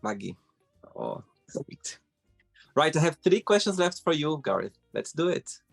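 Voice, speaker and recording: A man's voice: a little high, big pitch swings, unhurried, gravelly, soft background music. A man hosting an interview, asking short questions and giving brief encouraging replies. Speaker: host.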